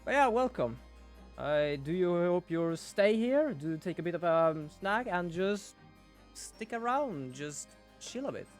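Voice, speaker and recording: Young male streamer, casual and self-deprecating, slightly high voice. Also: sing-song, a little slow, faint music behind. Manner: chatty, rambling, self-deprecating. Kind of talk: casual gameplay commentary.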